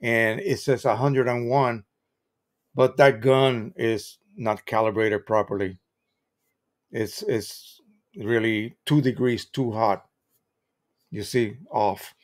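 A man's voice: medium pitch, fairly even intonation, takes it slowly, long pauses. An American man hosting a live stream, explaining printing in a chatty, casual way with examples and restarts.

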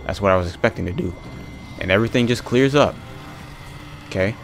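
Low-voiced man ranting over gameplay. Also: fairly quick, soft background music. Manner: exasperated, ranting, muttering to himself; casual slangy talk. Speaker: gaming channel host. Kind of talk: let's play commentary.

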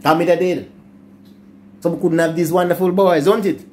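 Slight background noise sits under this older Jamaican man's high-pitched voice, which stays fairly even in intonation at a normal speed. He tells stories of his childhood in easygoing patois, often laughing and talking to his grandsons.

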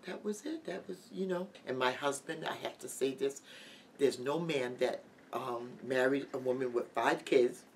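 Middle-aged woman guest, halting heartfelt testimony, mic set back with faint hiss. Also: rumbling low. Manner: halting, heartfelt, with many restarts. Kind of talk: emotional personal testimony. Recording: distant mic with light background noise.

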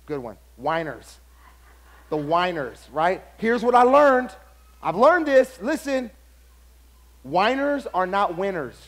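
A man pastor preaching a sermon, telling stories with lively acted-out dialogue. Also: high-pitched, takes it slowly, long pauses. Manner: animated storytelling, acts out other people's lines.

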